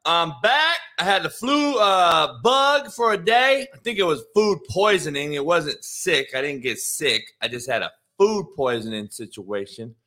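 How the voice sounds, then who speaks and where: Brief: male podcast host, fired-up and profane, bright edgy tone, pitched a bit high. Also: expressive, measured pace, few pauses. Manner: hyped, profane, slangy. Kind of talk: casual solo podcast chat.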